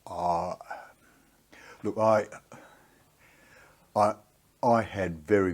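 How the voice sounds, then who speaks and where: Older Aussie veteran, husky and deep, gritty plain storyteller for an oral history interview. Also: male voice, level tone, a little slow, long pauses, a little mellow. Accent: Australian. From Australia.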